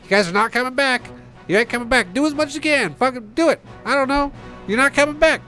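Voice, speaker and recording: A man voicing a panicky, cursing soldier who shouts in a raised, strained voice. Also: very high voice, quick pace, faint music behind, voice pushed up. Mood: frantic. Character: frantic yelling male soldier.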